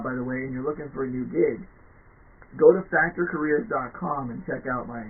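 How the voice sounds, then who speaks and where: A man's voice: mid-range voice, slight background noise. A man hosting a podcast, giving a casual motivational talk in a chatty way, often tagging on "right?". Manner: chatty, keeps asking "right?", acts out quoted voices. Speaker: podcast host. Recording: tinny phone-like sound.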